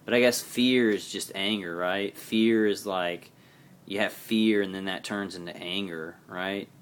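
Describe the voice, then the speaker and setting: A man with a very low voice talks straight to his viewers in a personal video diary. His delivery is rambling and halting, but earnest throughout. A faint background hiss sits under the recording. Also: steady tone. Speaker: vlogger.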